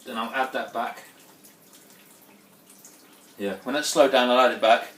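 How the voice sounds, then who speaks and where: Sweary home brewer, roomy and distant. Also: male voice, medium pitch, fairly even intonation, unhurried, a bit bright. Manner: chatty, sweary, prone to exclamations. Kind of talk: casual brew-day vlog commentary. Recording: roomy, distant mic, faint background noise.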